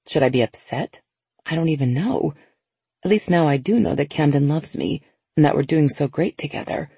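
A woman narrating a first-person novel in a lively, conversational inner-monologue manner. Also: sits low, normal speed, gravelly, slightly rough, no echo. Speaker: audiobook narrator.

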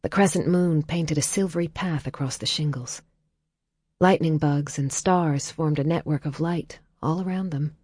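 A woman reading a novel aloud as audiobook narrator in a calm, measured way, dropping soft in tender passages. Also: low-pitched, breathy edge, no echo, studio quality. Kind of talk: scripted narration.

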